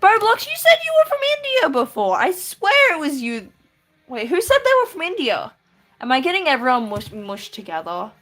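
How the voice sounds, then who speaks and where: A woman's voice: sits high, huge pitch swings, moderate pace, a bit bright. Giggly woman chatting on a drawing stream. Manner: giggly, chatty, reads chat aloud and answers with many restarts. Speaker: live-streaming artist. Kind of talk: casual live-stream chat while drawing.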